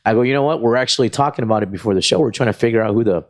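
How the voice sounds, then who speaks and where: A man's voice: mid-range voice, very fast. A man, a guest comedian telling rambling, profane stories in a casual chat. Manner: profane, rambling, animated retelling. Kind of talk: casual storytelling.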